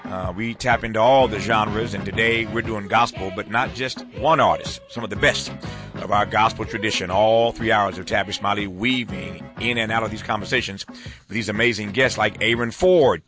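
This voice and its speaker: A man hosting a radio talk show and interviewing a guest, lively and joking, laughing often. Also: mid-range voice. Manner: animated, laughs often, playful banter. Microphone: studio microphone.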